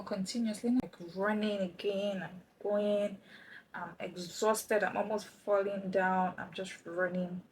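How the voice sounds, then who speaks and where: A young woman from Nigeria telling a lively travel story while doing her makeup, acting out the other people's lines. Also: mid-range voice, moderate pace, a little hiss or hum, poor audio. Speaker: vlogger. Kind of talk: chatty get-ready-with-me story time.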